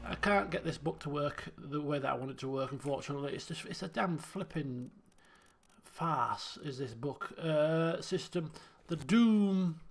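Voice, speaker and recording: A man's voice: on the high side, lively intonation, a little slow, gravelly, soft background music. A man streaming a detective game, thinking aloud and muttering to himself as he works through clues. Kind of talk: let's play commentary.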